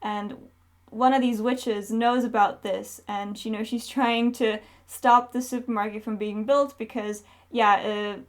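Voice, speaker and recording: Chatty young woman reviewing books. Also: fairly high pitch. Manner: chatty and candid, with frequent fillers. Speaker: book reviewer. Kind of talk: casual book review chat.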